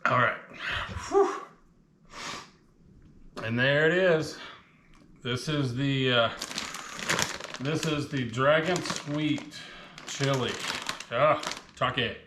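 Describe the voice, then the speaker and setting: Slow-talking man reviewing spicy snacks. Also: mid-range voice, bright, forceful tone, reverberant, slight background noise. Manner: slow, chatty, talking with his mouth full. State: mouth burning from spicy chips. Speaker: food reviewer. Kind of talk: casual food review vlog.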